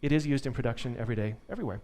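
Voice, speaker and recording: A man's voice: mid-range voice, rapid-fire, a little mellow. A man giving a live conference tech talk to an audience, upbeat and joking. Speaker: conference speaker.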